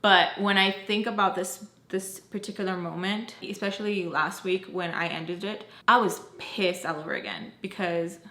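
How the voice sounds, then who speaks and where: A young woman telling a personal story to her viewers in a chatty, animated way, full of fillers and acted-out quotes. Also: medium pitch, normal speed, few pauses, roomy sound. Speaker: storytime vlogger. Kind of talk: casual storytelling.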